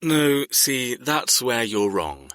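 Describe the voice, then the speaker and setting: A man voicing a cold, controlling, menacing man in an audiobook, speaking low, slow and threatening. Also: sing-song, fairly bright tone, no echo, studio quality. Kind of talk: audiobook character reading.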